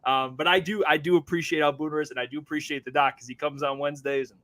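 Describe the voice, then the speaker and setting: A man, hosting a sports show, loose and profane and quick to laugh. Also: fairly high pitch, steady tone, bright, forceful tone. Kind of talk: casual sports show chat.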